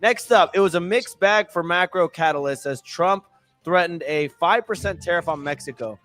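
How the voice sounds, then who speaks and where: A man's voice: high-pitched, moderate pace, fairly bright tone, soft background music. A man co-hosting a casual crypto podcast, reading market news with brash, sarcastic asides and casual swearing. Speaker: podcast co-host.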